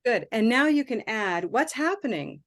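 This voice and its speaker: A woman's voice: on the high side, very animated, moderate pace. A woman teaching English pronunciation in a live online lesson, upbeat, modeling syllable rhythm in chants and often laughing between prompts, heard through a computer mic on a video call.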